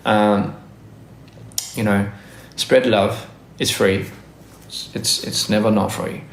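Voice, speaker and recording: With a lowish, gravelly voice, slow and fairly even in intonation, this livestream host chats casually on his phone. He rambles and restarts frequently, and a roomy echo colors the audio.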